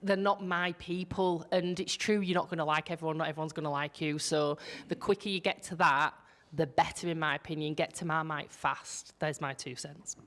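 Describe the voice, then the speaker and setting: A woman's voice: low-pitched, fairly even intonation, a little fast, fairly bright tone. A woman with a Yorkshire accent, talking on a business panel in a blunt, salty storytelling way, swearing freely. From Yorkshire, England. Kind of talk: casual panel discussion.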